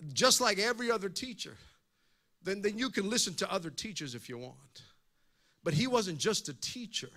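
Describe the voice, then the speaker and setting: A man's voice: sits high, sharp tone. A male pastor preaching a sermon in an impassioned way, often repeating words as he goes.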